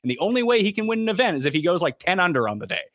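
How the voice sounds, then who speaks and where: Canadian man for a golf podcast guest spot; animated, wide-ranging delivery, recorded dry and close. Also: high-pitched, no room sound. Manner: animated, quick asides and self-deprecating jokes. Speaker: fantasy golf analyst. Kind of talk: casual podcast chat.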